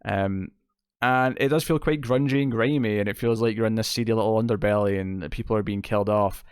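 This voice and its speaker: A man's voice: fairly low pitch, fairly even intonation, fairly quick, smooth, dry recording, studio quality. A man hosting a casual spoken movie review show, enthusiastic and rambling, with many fillers and restarts. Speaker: film reviewer, show host.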